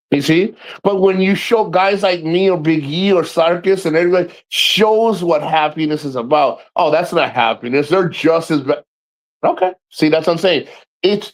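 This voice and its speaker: A man hosting a casual livestream, talking to viewers by name and ranting in a profane, animated way with frequent laughs. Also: on the high side. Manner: laughs often and repeats himself. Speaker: livestream host.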